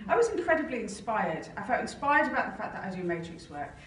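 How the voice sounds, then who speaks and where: A woman's voice: mid-range voice, big pitch swings, fast talker, fairly bright tone, a little hiss or hum. A woman compering a live stage interview, effusive and chatty and often laughing. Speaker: compère. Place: conference hall. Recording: roomy hall sound from a distance.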